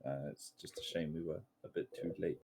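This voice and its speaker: A man's voice: low voice, little pitch movement, brisk, vocal fry, a crowd in the background. A man playing in a tabletop game, talking in a dry, matter-of-fact way. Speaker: player. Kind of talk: casual gaming chat.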